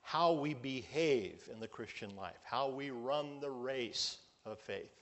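A male pastor preaching a sermon, measured and emphatic, drawing out his key words. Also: medium pitch.

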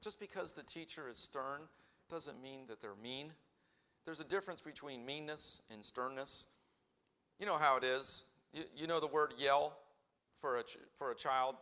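A man's voice: medium pitch, normal speed, sharp tone. A man preaching an earnest sermon in a church, asking rhetorical questions and acting out quoted voices. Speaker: pastor.

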